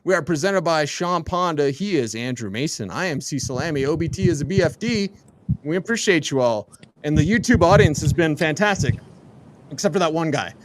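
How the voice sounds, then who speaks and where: A man's voice: fairly high pitch, expressive, brisk. A man hosting a casual sports radio show. He wraps up with breezy, upbeat patter.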